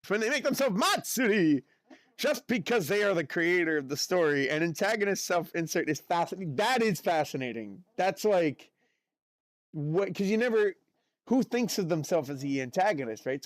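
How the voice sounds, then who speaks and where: A man streaming live, chatting casually and reacting excitedly to chat messages. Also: fairly high pitch, dry recording, studio quality. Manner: chatty, excitable, lots of fillers and exclamations.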